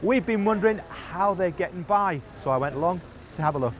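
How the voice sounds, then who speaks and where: A man's voice: sits high, lively intonation, fairly quick, noisy background. A male TV presenter narrating a local business show and bantering with his co-host. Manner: chatty, teasing banter with co-host.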